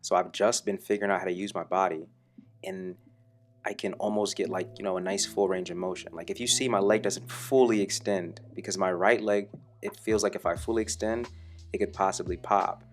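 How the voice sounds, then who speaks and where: A man's voice: low-pitched, fairly even intonation, a little fast, soft background music. A young man talking casually and profanely over footage of his own workout, joking about himself in the third person. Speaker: fitness vlogger.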